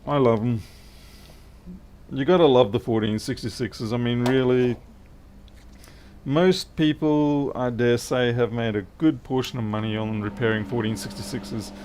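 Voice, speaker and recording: A man's voice: mid-range voice, steady tone, measured pace, a little mellow, slight background noise. A man, a repair technician bantering with viewers and muttering to himself while he works on a live stream.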